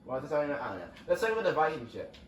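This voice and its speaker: A man's voice: fairly high pitch, very animated, racing, slight background noise. A young man casually rambling as he plays a racing game for his channel, reacting to the action as it happens. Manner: rambling, chatty, reacting to gameplay. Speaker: gaming channel host. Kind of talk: casual let's-play commentary. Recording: roomy, distant mic with faint ambience.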